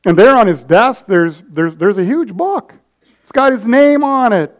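Guy preaching, pretty high voice, tells a story and jumps between loud high bits and quiet asides. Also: expressive, measured pace, low-quality recording. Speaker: pastor. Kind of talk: sermon.

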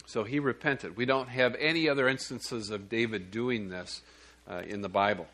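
A man's voice: mid-range voice, moderate pace, fairly bright tone. A man preaching a sermon in a plain, conversational way. He checks in with his listeners and sometimes restarts a phrase.

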